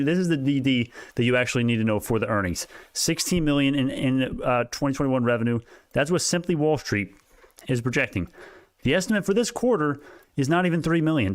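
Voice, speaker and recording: A man hosting a live stock market stream, talking excitedly, laughing often and restarting his sentences, a little out of breath. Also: mid-range voice, no echo, clean studio sound. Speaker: stock market livestream host. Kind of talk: casual livestream talk.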